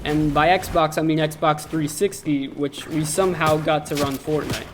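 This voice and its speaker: A young man doing deadpan, joking play-by-play commentary for an amateur game tournament. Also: a little high, moderate pace, background noise. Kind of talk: joking esports commentary over gameplay. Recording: game music under the voice.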